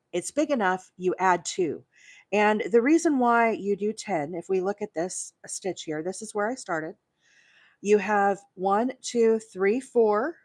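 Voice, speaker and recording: A woman from Alabama chats her way through a live crochet demo, filling gaps with "uh" and "you know" and joking at her own expense. Her voice sits at an ordinary pitch and comes across close and dry, with no room echo. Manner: chatty and self-deprecating, with many fillers and asides to viewers. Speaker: crochet livestream host. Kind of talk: casual live crochet tutorial.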